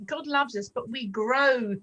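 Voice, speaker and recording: A woman in her forties telling her faith testimony in a lively, animated way, acting out the voices in her story. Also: measured pace, dull audio, very noisy. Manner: animated storyteller, acts out dialogue with big pitch jumps. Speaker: guest sharing testimony. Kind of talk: storytelling testimony in a casual chat.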